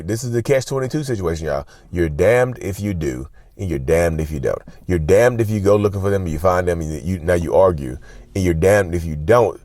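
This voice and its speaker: A man's voice: sits low, lively intonation, fairly quick, darkish tone, no room sound. A man hosting a casual advice vlog, talking to viewers as y'all with lots of repeats and restarts. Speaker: channel host, self-described narcissist.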